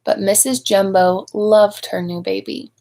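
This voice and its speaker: A woman reading a picture book aloud to young children, expressive and adding chatty asides to her listeners. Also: medium pitch, a little slow, low-quality recording. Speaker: storybook reader at a speech clinic.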